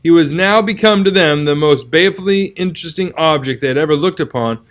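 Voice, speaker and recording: Slightly high-voiced male storybook narrator. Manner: measured, dramatic storytelling. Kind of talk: audiobook reading of a classic novel.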